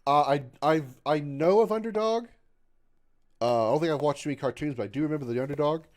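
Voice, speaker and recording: Talking fast in a fairly high, slightly mellow voice, a gaming livestreamer in his thirties keeps up casual, profane chatter with his viewers. He jokes while playing, reads chat aloud, and fills his speech with fillers.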